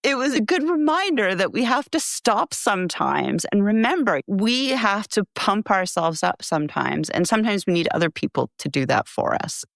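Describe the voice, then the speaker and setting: A woman's voice: mid-range voice, expressive, normal speed, vocal fry, hardly any pauses, dry recording, studio quality. A woman filmmaker, a guest on a podcast, telling stories in a casual chat and laughing often.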